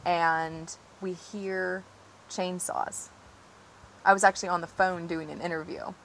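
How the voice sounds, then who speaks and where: A woman's voice: lowish voice, little pitch movement, a little slow, a bit bright, slight background noise, poor audio. A woman recounting events as an interviewee outdoors, earnest and agitated, with many fillers. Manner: earnest, agitated, frequent "like" and "you know". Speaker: interviewee, tree-sit protester. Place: outdoors on her property near trees.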